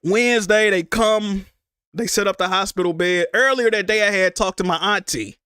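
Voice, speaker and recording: High-voiced man telling a story. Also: moderate pace, sharp tone, clean tone, no echo, clean studio sound. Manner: rambling, restarts and repeats himself, swears freely. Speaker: streamer. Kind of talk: casual personal storytelling.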